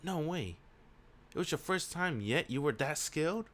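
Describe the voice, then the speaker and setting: A man's voice: lively intonation, normal speed, a bit bright. A man voicing a playful female vampire princess as he reads a visual novel aloud, lifting his voice for her lines. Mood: astonished. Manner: raised-pitch reading of her lines.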